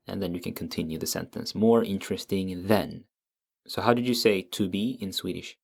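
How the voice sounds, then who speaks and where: A man teaching a language lesson, patiently explaining grammar and repeating each example word slowly. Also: low-pitched, vocal fry.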